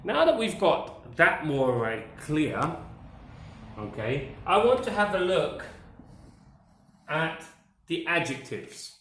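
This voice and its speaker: A man a lesson on comparatives, very slowly and pulling words out one by one. His pitch rises and falls widely as he keeps checking that his learners follow. The room around him sounds echoey. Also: very animated, fairly bright tone, slight background noise. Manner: slow, careful, stretches words, checks in with "okay?". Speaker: English teacher.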